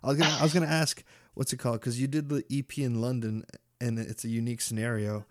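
A man's voice: medium pitch, flat delivery, fast, no echo. Podcast host guy, laid-back and joking, dry close sound. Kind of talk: casual interview chat.

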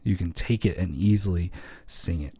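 A man talking casually on a church podcast, explaining how songs are written, lively and full of examples. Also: sits low, normal speed, husky, no echo. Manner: animated, explains with examples and rhythms. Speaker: church songwriting guest.

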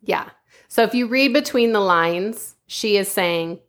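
A woman's voice: mid-range voice, unhurried. A woman host telling a true-crime story in a casual, chatty way, often laughing and saying "like". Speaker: podcast host.

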